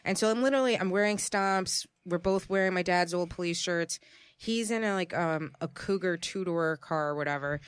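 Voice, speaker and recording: A woman co-hosting a podcast, telling a story in an animated, chatty way. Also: fairly low pitch, normal speed, smooth, no echo. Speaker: podcast co-host. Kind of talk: casual chat.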